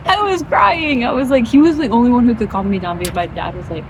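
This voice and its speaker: A woman's voice: fairly high pitch, sing-song, quick pace, noisy background. A young woman telling a casual story in a chatty, rambling way, full of fillers.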